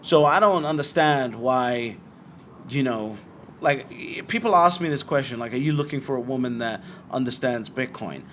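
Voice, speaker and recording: In blunt, casual chat full of swearing, a young British bitcoin livestreamer responds to viewer questions, breaking into animated asides. His pitch is medium and his pace moderate, with slight background noise.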